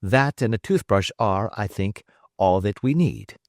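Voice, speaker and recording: A man voicing a calm, witty detective who answers threats with bland, quiet irony. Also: on the low side, measured pace, no echo, studio quality. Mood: brisk. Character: calm, witty male detective, cool and imperturbable.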